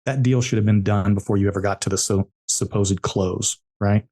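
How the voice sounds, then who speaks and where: A man's voice: lowish voice, steady tone, moderate pace, darkish tone. A man, an entrepreneur guest on a podcast, telling business stories emphatically and repeating his key points. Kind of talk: storytelling interview answers.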